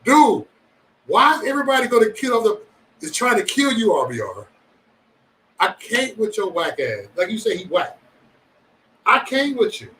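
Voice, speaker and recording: A man's voice: sits high, big pitch swings, normal speed, pauses often, bright, forceful tone, far from the mic, a little hiss or hum, rough recording. A man hosting a livestream, chatting casually with viewers in profane, rambling banter and joking threats. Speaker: livestream host.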